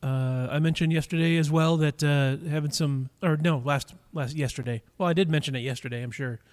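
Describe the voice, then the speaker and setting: Pitched a little high with a darkish tone, his voice runs fairly quick and stays fairly even in intonation. Sitting at a microphone in a cigar lounge, he hosts a casual live stream and ribs his audience. He's chatty and rambling, restarting often and leaning on fillers.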